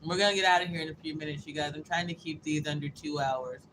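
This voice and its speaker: A woman's voice: low-pitched, fairly even intonation, fast talker, a bit bright, a little hiss or hum, rough recording. A woman hosting a casual livestream, reading viewer comments aloud and answering them bluntly, with profanity and joking asides. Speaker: livestream host.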